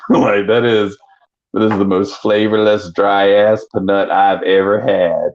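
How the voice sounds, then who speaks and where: Deep-voiced South Georgia man, chatty. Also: takes it slowly, muffled recording. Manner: animated, laughing, swearing, drawling storyteller. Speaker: panel host. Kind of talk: casual live-stream chat.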